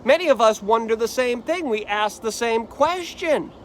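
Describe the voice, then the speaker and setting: A man's voice: very high-pitched, lively intonation, moderate pace, slight background noise. A man teaching a Bible study lesson who explains the text and reads it dramatically.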